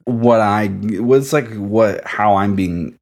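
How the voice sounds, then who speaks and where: A man co-hosting a casual beer review podcast, meandering through his opinions with wry, deadpan jokes. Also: fairly low pitch, slow pace. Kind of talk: casual chat.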